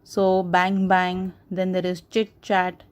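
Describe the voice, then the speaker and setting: Woman teacher, Indian English accent, slow and patient, repeats examples for kids. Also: lowish voice, monotone, clean tone. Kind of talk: classroom grammar lesson.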